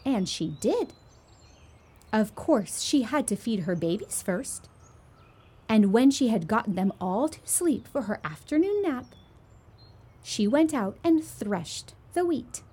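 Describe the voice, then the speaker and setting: A woman reading a children's storybook aloud to young listeners, in an expressive, gently emphatic way. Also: on the high side, unhurried, breathy edge.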